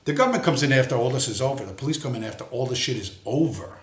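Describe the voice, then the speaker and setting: A man's voice: mid-range voice, animated, rapid-fire, fairly bright tone. A man hosting a livestream, giving an angry, profane monologue and swearing bluntly throughout. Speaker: livestream host. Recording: roomy echo.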